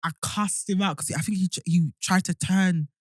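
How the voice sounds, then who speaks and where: A young woman, co-hosting a podcast in casual chat, telling stories in an animated way and swearing freely. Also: on the low side, moderate pace, dry recording, studio quality. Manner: animated storytelling, swears freely, acts out shouting. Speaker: podcast co-host.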